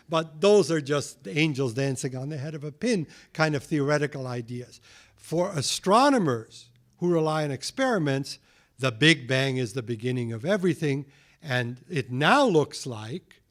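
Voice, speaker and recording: A man's voice: on the high side, fairly bright tone. A man giving a public science lecture as a guest speaker, with joking, wry asides.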